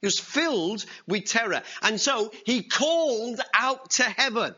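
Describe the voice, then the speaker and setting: A man preaching a sermon as pastor, telling stories with animated acted-out voices and asking the congregation to respond. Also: very high-pitched, measured pace, few pauses, slightly rough, dull audio. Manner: animated storyteller, acts out voices. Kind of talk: sermon with story and call-and-response.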